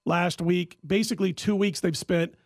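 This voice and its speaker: A high-pitched man telling a lively story on a sports-betting podcast, laughing as he goes. The sound is dry and close, with no echo. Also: normal speed. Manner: animated storyteller who laughs often. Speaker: podcast host and sports handicapper.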